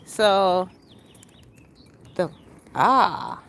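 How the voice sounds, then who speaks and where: A woman's voice: on the high side, expressive, takes it slowly, pauses often. A middle-aged woman hosting a rambling livestream outdoors, chatting to viewers by name and jumping between opinions as she walks city streets. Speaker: livestream host. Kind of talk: rambling livestream chat while walking.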